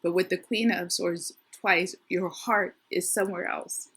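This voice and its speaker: Middle-aged female tarot reader, low husky worn voice, chatty and rambling. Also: steady tone, measured pace, a bit bright. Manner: chatty, thinks aloud, frequent restarts. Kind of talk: casual tarot reading to camera.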